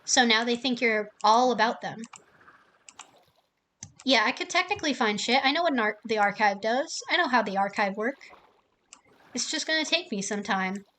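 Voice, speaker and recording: A woman streamer ranting casually and with plenty of swearing, acting out other people's lines in quick mock voices. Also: on the high side, animated, sharp tone.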